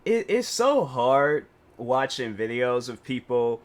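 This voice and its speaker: A man's voice: medium pitch, very animated, slow pace. A man giving casual reaction commentary as a YouTuber, exasperated and rambling, with slang and many restarts.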